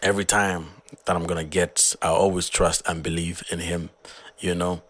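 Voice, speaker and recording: A hoarse man from Zambia, earnestly talking through his own song in a casual, rambling way. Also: low voice, flat delivery, normal speed, fairly bright tone. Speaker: musician.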